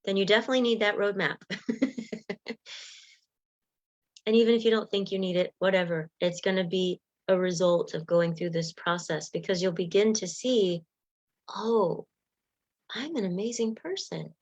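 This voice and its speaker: A woman coach speaks straight to her livestream viewers in a middle-pitched voice, animated and chatty. She slips into quick acted-out bits of dialogue to show her points. The audio is a little dull and lo-fi. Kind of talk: Facebook Live coaching talk.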